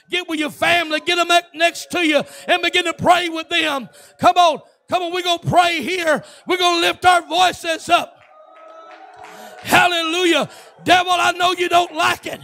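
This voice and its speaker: A man preaching a fervent Pentecostal sermon in a church, shouting and urging everyone to pray. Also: extremely high pitch, creaky. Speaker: pastor.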